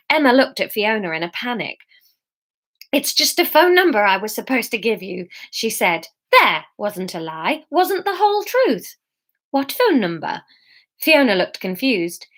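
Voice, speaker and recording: A woman's voice: mid-range voice, fairly bright tone. A woman author reading her own novel live, with chatty, giggly, self-mocking asides to her viewers.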